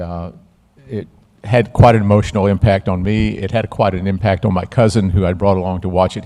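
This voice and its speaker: A man recalling his film camera work on a live panel, talking haltingly with many fillers and restarts. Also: sits low, vocal fry, darkish tone. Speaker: panel guest, former camera operator. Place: museum event stage.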